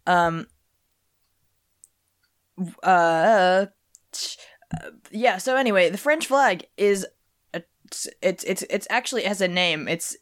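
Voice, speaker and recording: A woman's voice: mid-range voice, animated, slow, long pauses. A young woman hosting a casual chat podcast, rambling with lots of fillers and restarts. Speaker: podcast host.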